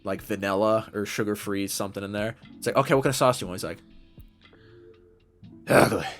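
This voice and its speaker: A man's voice: on the low side, fast, faint music behind. A young man co-hosting a podcast, telling a story in casual chat, full of fillers and swearing. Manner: rambling storyteller, swears freely, many fillers. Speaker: podcast co-host.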